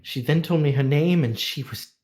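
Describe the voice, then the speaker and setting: A man's voice: on the high side, darkish tone. Casual male game master narrating. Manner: casual, halting, voices characters in quick asides.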